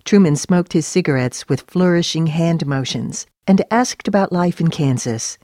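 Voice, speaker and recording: Low-voiced woman narrating a story. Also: normal speed, dark tone, no echo, clean studio sound. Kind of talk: scripted narration.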